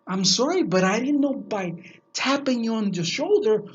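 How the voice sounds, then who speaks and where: A man's voice: extremely high pitch, animated, moderate pace, highs cut off. Man doing an apologetic taxi passenger.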